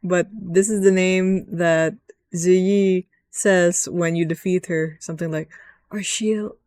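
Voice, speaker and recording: A woman talking through a video game in casual, rambling commentary, often giggling and swearing freely. Her voice sits on the lower side, recorded close and dry with no room sound. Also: fairly even intonation, slow pace, a little mellow, clear, resonant tone, no room sound. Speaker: gaming video host.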